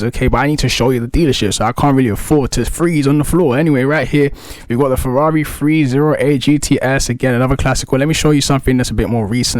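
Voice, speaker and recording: A man giving excitable game walkthrough commentary, full of hype and constantly saying "guys". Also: mid-range voice, dry recording. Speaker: gaming YouTuber.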